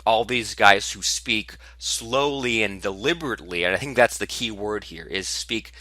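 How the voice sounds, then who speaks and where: A man hosting his own podcast, talking candidly and with animated emphasis about his own speaking habits. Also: lowish voice, normal speed, no echo. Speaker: podcast host. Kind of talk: solo podcast monologue.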